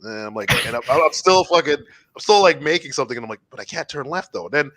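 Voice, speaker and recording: Animated, bright-voiced man telling stories. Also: a little high, fast talker, dry recording. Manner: animated storyteller, swearing, laughing. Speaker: podcast co-host. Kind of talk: casual live-stream chat.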